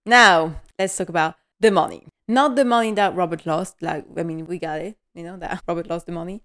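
A woman's voice: fairly low pitch, a little fast, a bit bright. A woman hosting a casual episode recap, enthusiastic, laughing often and using many fillers. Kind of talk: casual chat.

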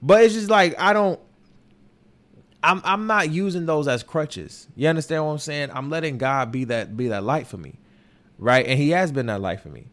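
Candid, emotional man with a higher voice. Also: normal speed, fairly bright tone. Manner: candid and emotional, swears often, circles back with restarts. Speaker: podcast host. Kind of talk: personal opinion monologue. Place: New York.

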